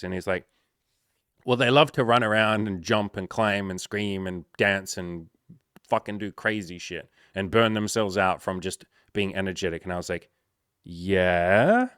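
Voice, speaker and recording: Male life coach, lowish voice, brash and profane, dead-dry close mic. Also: smooth, dry recording. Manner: animated, swears often, acts out dialogue with rising energy. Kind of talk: casual coaching monologue.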